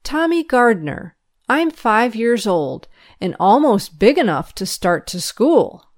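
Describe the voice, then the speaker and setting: A woman reading a storybook aloud and voicing a cheerful, helpful five-year-old boy who talks in a bright, eager way. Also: a little high, big pitch swings, takes it slowly, no echo, studio quality, exaggerated voice.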